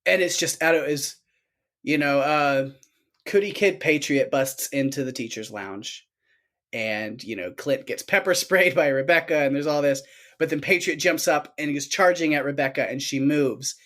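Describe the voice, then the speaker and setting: A man co-hosting a podcast in casual chat, recapping a film with lots of laughter and animated retelling. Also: fairly high pitch, normal speed. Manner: animated, laughs often, acts out quotes. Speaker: podcast co-host.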